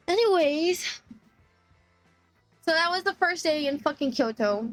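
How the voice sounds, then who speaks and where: Woman streamer, high voice, tearful, laughing while crying, casual chat, lots of "like". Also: no room sound. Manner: teary, laughing through tears, heavy "like" fillers.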